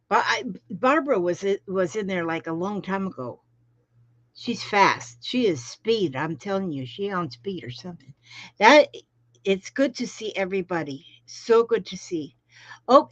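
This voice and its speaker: Greeting viewers by name, this middle-aged woman from Florida rambles through folksy, casual chat while running a crafting live stream at home. She speaks in a mid-range voice. The audio is dull, lo-fi stream sound, dry and without echo.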